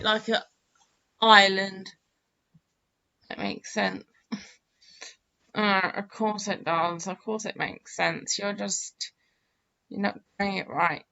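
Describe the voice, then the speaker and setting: A woman's voice: medium pitch, sharp tone, muffled recording. A woman giving chatty, self-mocking gameplay commentary, thinking aloud with plenty of fillers. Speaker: game channel host.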